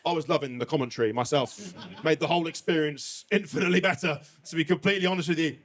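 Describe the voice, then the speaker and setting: A man performing a live stand-up comedy set, telling a story in an animated, chatty way and swinging his voice up and down for effect. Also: fairly high pitch, quick pace. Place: comedy venue stage.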